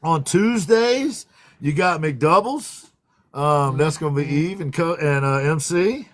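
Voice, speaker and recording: A man's voice: fairly high pitch, lively intonation, slow pace. A man co-hosting a casual livestream, rambling through announcements and greeting viewers by name. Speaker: livestream co-host.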